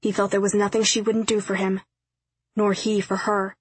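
A woman narrating an audiobook in a steady, measured reading. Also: medium pitch, slightly rough, dry recording, rough recording. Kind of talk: scripted narration.

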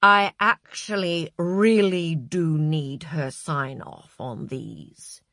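A woman's voice: very animated, extremely slow, fairly bright tone, slightly rough, no echo, heavily acted. A nervous young office worker, hesitant and easily flustered, as voiced by a woman narrator. The read is dry and close-miked. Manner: hesitant, low then flustered.

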